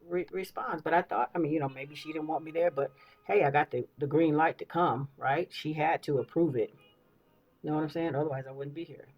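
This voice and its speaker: A woman's voice: low voice, a little mellow, rough recording. A woman in her fifties talking casually while getting ready, telling stories animatedly and often repeating phrases and checking in with listeners. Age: 50s. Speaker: beauty vlogger. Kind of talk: casual get-ready-with-me talk.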